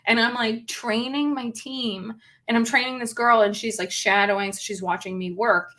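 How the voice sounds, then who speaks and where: A woman from Boston with a Boston accent, telling loud, profane stories in casual podcast chat. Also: on the high side, fairly even intonation, normal speed. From Boston area.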